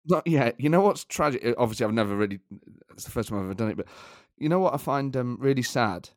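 A man's voice: medium pitch, expressive, fast, no room sound, studio quality. A man co-hosting a comedy podcast, chatting casually and laughing at himself. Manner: laughing, self-deprecating.

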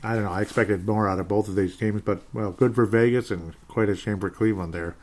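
A man's voice: on the low side, steady tone, fast talker, a little mellow. A man hosting a solo football podcast, recapping the week's games in a sarcastic, rambling way, with sighs and chuckles. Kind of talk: casual solo sports recap.

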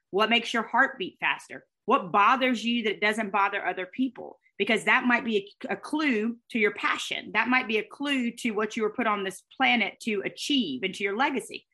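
A middle-aged woman, a guest telling her story in an expressive, fast way. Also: mid-range voice. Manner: fast, expressive, with faith talk and laughter. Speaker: guest, speaker and former sportscaster. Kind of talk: animated storytelling interview.

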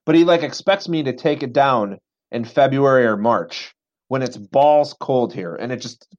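A man's voice: mid-range voice, moderate pace, a little mellow, highs cut off. A man co-hosting a casual podcast, griping with profanity and frequent laughter. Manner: profane, exasperated, laughing often. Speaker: podcast co-host.

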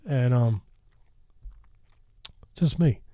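A man's voice: mid-range voice, very slow, dark tone, no echo. A man telling a story in a loose, rambling way, full of fillers and restarts, with blunt street-tough talk. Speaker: storytelling guest. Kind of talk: casual spoken storytelling.

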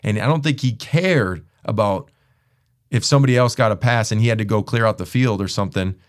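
Animated man telling football stories. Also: fairly quick. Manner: animated storyteller, jumps into high mimicking voices. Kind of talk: casual sports chat.

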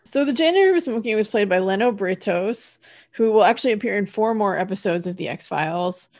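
A woman's voice: mid-range voice, animated, brisk, darkish tone. A woman co-hosting a podcast, chatting casually and laughing easily. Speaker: podcast co-host.

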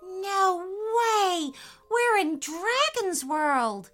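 A woman voicing an excited, eager little girl in a children's storybook, with squealing, breathless delight. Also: sits high, takes it slowly, faint music behind, pitched above the performer's own voice, heavily acted. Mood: alarmed.

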